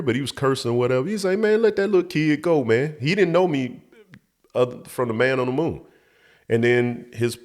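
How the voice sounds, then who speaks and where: A man telling a personal childhood story in a casual, emotional way, acting out the voices of the people in it. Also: on the low side. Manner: emotional, acts out quoted voices.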